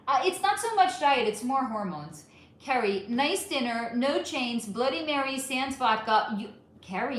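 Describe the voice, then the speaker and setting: Chatty woman streamer in an echoey room. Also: a little high. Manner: candid, swearing, animated, answers chat questions. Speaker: livestream host reading chat. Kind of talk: casual live-stream chat. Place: home room. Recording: roomy echo with faint ambient noise.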